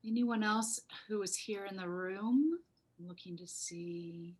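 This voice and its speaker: A woman's voice: mid-range voice, a little slow, slightly rough. A woman moderating an online gathering, thoughtful and searching for words as she asks questions. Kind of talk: casual moderating on a video call.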